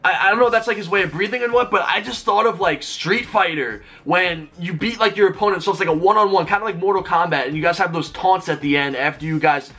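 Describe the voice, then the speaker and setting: Fast-talking young man telling a story. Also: high voice, bright, forceful tone. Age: 20s. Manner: rapid chatty delivery full of "like". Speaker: YouTuber. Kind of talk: casual storytelling vlog.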